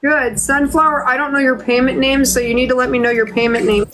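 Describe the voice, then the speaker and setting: A woman's voice: sits high, fairly even intonation, brisk, fairly bright tone, low-quality recording. A woman hosting a live psychic reading stream, chatting to viewers in an emotional, choked-up way. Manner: tearful, choked up. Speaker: psychic medium host.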